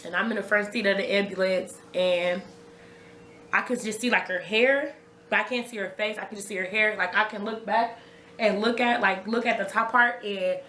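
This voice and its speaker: A woman's voice: medium pitch, fairly even intonation, normal speed, bright, forceful tone, reverberant, slight background noise. A young woman recounting a personal story to her viewers in a casual, conversational way, often repeating herself. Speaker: vlogger telling her own story. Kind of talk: raw personal storytelling to camera.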